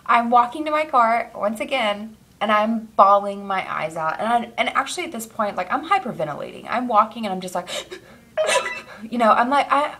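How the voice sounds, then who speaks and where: A woman's voice: fairly high pitch, expressive, fairly quick, few pauses, a bit bright. A young woman talks straight to her camera in a casual personal vlog. She rambles and trails off, filling gaps with ums and small laughs as she works through something emotional. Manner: rambling, emotional, self-interrupting with fillers and laughs. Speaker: vlogger.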